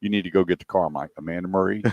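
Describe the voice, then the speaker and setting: A man's voice: low voice, fairly even intonation, very fast, a little mellow, no echo, highs cut off. A middle-aged man in casual radio chat, telling anecdotes and acting out quoted lines. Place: radio studio.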